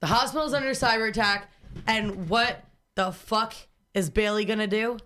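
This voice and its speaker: A woman's voice: medium pitch, normal speed. A woman co-hosting a podcast, chatting casually and crudely, telling stories full of swearing. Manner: loud, profane, storytelling. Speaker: podcast co-host.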